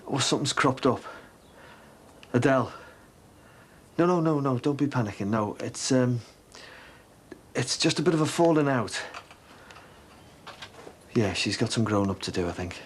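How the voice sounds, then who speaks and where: Actor as a middle-aged father, mid-pitched, sarcastic and angry, faint hum behind. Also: lively intonation, normal speed, long pauses, natural voice. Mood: weary. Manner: confrontational, sarcastic. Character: angry father of a teenage daughter. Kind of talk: TV soap drama acting.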